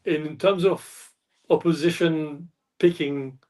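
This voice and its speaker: Man, slightly high voice, a fan panelist who rambles and keeps apologising; picked up from a distance. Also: fairly even intonation, slow pace, a little mellow. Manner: rambling, apologetic, self-correcting. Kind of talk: casual chat. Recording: distant mic.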